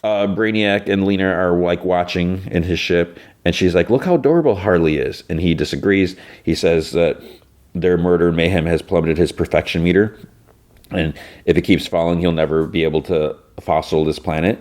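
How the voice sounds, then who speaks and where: A male podcast host casually recapping an episode, rambling loosely with lots of fillers and quick snatches of character voices. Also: sits low, darkish tone. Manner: rambling, loose, full of "you know" and "whatever", briefly mimicking characters.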